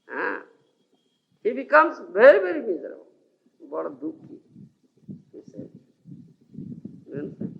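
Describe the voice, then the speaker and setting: A man's voice: sits high, gravelly, dull audio. A man giving a scripture lecture, often checking whether his listeners follow him, on an old lecture tape. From India. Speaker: spiritual teacher.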